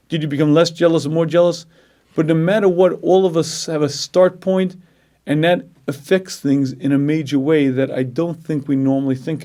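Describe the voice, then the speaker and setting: Man, Torah lecturer, slightly high voice, clears throat often, animated teaching. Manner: animated, acts out inner voices. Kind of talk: Jewish ethics lecture.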